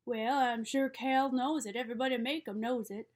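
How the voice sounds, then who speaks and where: Lady reading as a calm patient dad, steady and reasoning, kinda high voice. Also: moderate pace, lightly acted. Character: calm, wise middle-aged father and lawyer.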